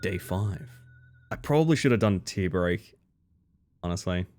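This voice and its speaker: With faint music behind him, a young man speaks in a low, slightly mellow voice, unhurried but with lively intonation. It's relaxed gaming stream chat where he plays to his audience, jokes at his own expense, and laughs often.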